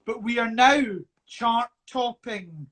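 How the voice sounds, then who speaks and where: A man's voice: very high-pitched, slow, fairly bright tone. A man in casual live chat, playful and teasing, who swears freely and calls his friend babes.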